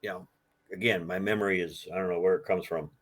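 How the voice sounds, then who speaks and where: A man's voice: sits low, fairly even intonation, quick pace. An older man telling rambling stories in a casual interview, acting out what other people said. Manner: rambling anecdotal storytelling, acts out quoted voices. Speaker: guest, collector of a presidential car.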